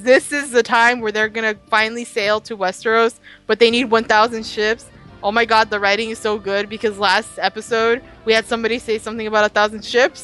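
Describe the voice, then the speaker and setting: Chatty young woman, bright voice. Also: fairly high pitch, smooth, rough recording. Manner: chatty, swears freely, quick asides. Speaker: podcast co-host. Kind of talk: casual chat.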